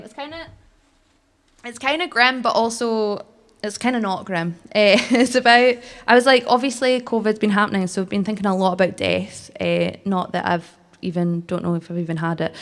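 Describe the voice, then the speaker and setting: Woman doing spoken word, slow rhythmic lines then chatty bits, mid-pitched voice. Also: steady tone. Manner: measured, rhythmic recitation with chatty, self-mocking asides. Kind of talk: spoken word poetry performance.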